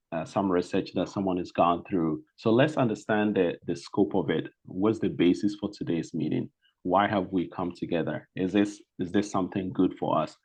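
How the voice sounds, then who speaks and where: A man's voice: low-pitched, darkish tone, highs cut off. A man from Ghana with a Ghanaian accent giving an online presentation, speaking hesitantly with many fillers and restarts. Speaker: guest speaker.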